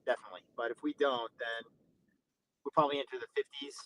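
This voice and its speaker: Fast-talking man calling in. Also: medium pitch, fairly bright tone, poor audio. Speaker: caller. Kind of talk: casual conversation. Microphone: online audio call.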